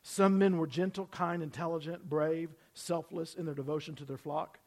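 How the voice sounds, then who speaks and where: A man preaching a sermon to his church, swinging from loud emphasis down to hushed tones and having the congregation repeat after him. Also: fairly high pitch, fairly even intonation, moderate pace. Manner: preaching with sudden loud emphasis and drops to near-whisper; asks the congregation to repeat phrases. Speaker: pastor. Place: church building.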